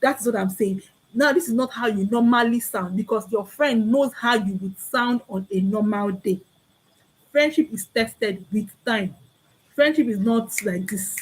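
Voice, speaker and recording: A woman's voice: fairly high pitch, unhurried, breathy edge, poor audio. A young woman with a Nigerian accent giving an earnest, preachy talk to camera, repeating key phrases and acting out small bits of dialogue. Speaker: vlogger.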